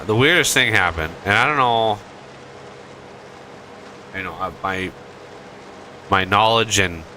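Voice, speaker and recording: A man's voice: sits low, sharp tone, slight background noise. A man hosting a gaming channel, chatting casually while he plays and telling a rambling story full of restarts. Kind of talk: casual chat while playing a game.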